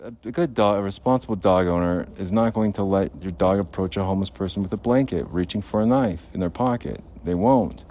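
A man's voice: low voice, a little fast, hardly any pauses, dark tone, a little hiss or hum. A man recording a rambling podcast monologue on his phone in an outdoor parking lot at night, muttering and talking to himself in a paranoid way. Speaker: podcast host.

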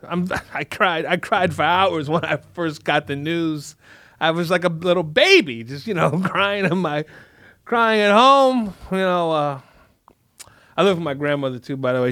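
A man's voice: a little high, lively intonation, normal speed, fairly bright tone, dry recording, studio quality. A man hosting a podcast, rambling through crude, mock-dramatic jokes. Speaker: podcast host. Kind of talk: comedic podcast chat.

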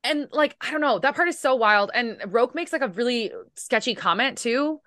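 A woman's voice: on the high side, lively intonation, normal speed, bright, forceful tone, no echo, clean studio sound. A woman co-hosting a book podcast, chatting casually and animatedly, swearing and laughing now and then. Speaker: podcast co-host.

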